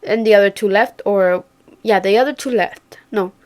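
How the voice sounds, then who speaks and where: This young woman vlogger has a mid-range, darkish voice at a normal pace. Chatting casually with her viewers, she tells a story, swears freely, and acts out what her friends said.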